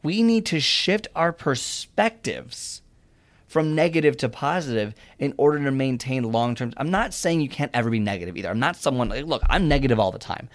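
A man's voice: mid-range voice, creaky. A young man talking casually and earnestly about a fitness mindset, rambling and restarting his sentences as he gives advice. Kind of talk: casual motivational monologue.

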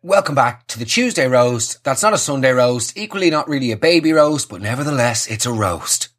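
A young man talks casually straight to camera, dry and self-mocking, dropping the odd swear into his jokes. His pitch sits in the middle for a man. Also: animated, brisk, a bit bright. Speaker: comedian hosting his own show. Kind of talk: casual comic monologue to camera.

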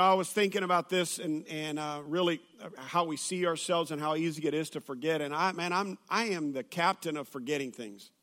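A man's voice: sits high, pushed and bright. A man, a pastor preaching a sermon to a church audience, telling stories with humor and plenty of fillers and restarts.

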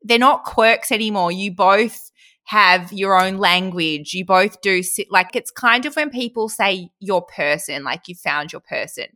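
A woman's voice: mid-range voice, a little slow, sharp tone. A woman, hosting a casual podcast chat in a candid, chatty way and laughing often. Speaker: podcast host.

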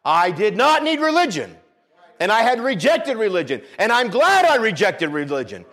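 Fervent preaching man, animated pitch. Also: moderate pace. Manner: fervent, rising and falling preaching with call-outs for amen. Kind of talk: sermon.

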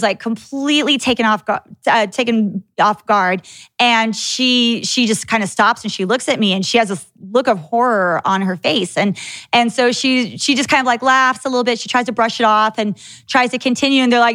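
Animated woman host telling a story. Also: fairly high pitch, normal speed, no room sound. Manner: animated, candid, swears freely. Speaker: podcast host. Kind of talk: casual storytelling.

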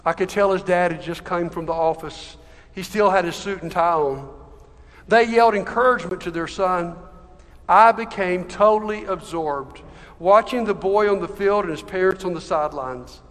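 A man's voice: high-pitched, normal speed, a bit bright. A man preaching a sermon, telling a story with emotional, dramatic delivery. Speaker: pastor. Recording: long hall reverb.

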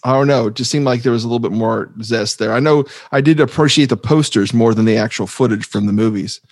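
A man's voice: medium pitch, fast, dry recording, clean studio sound. A man co-hosting a casual movie podcast, chatty and easygoing, often breaking into laughter. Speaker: podcast co-host.

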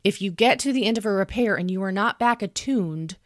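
A woman in her thirties talking in a podcast, explaining calmly and earnestly and acting out what she would say to her child. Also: mid-range voice, fairly quick, dry recording, studio quality. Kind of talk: conversational podcast talk.

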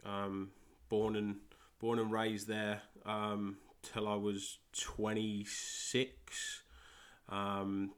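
This is a solo podcast monologue by a young English host and soccer coach with a West Midlands accent. He talks in a low, fairly level voice, stumbling forward with repeated words and pause fillers.

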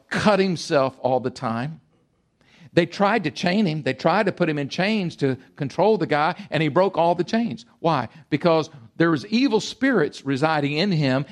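A man in his sixties preaching a sermon, emphatic and animated, swinging between loud bursts and quiet asides. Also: fairly high pitch. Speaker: pastor.

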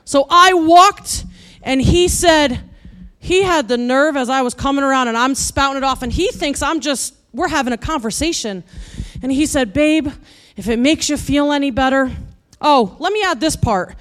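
A woman preaching with a funny personal story, animated and building to loud exasperated rants. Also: high voice, normal speed. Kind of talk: humorous sermon storytelling.

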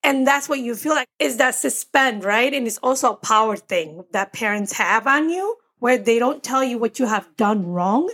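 A woman's voice: a little high, lively intonation, moderate pace, hardly any pauses, fairly bright tone, breathy edge. Earnest woman therapist chatting about feelings. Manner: earnest, reflective, talks through her anxieties. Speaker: podcast co-host. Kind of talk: casual chat.

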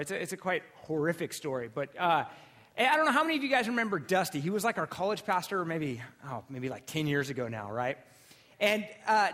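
A man preaching a sermon as pastor, telling stories casually with restarts and animated asides. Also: fairly high pitch. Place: church sanctuary.

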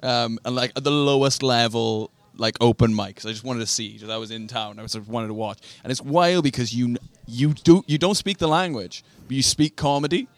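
A man's voice: mid-range voice, moderate pace, few pauses, no echo. A man, a comedian in casual podcast chat telling a loose anecdote with laughs.

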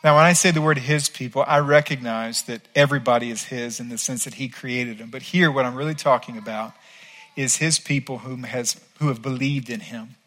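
A man preaching a sermon as pastor, earnest and emphatic, swinging between quiet and loud. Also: mid-range voice, a little fast.

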